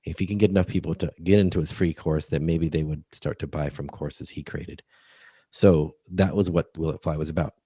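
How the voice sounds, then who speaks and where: A man's voice: very deep voice, fairly even intonation, brisk, warm tone, breathy edge, no room sound. A man as a podcast guest, explaining earnestly how books should lead readers to one step. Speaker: guest, book coach. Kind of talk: podcast interview.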